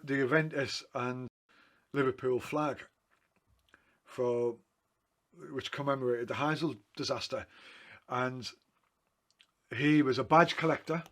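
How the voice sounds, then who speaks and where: A man's voice: mid-range voice, fairly bright tone. A man, a photographer, casually telling rambling anecdotes about his photos, often correcting himself mid-sentence. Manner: rambling, self-correcting, chatty. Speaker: photographer talking through his photo book.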